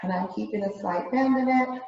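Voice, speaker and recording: A woman's voice: medium pitch, fairly quick. Female yoga instructor, slightly winded, casual coaching, distant mic, big studio echo, dull sound. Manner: relaxed, chatty, laughs at herself. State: out of breath. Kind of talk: guided yoga class instruction.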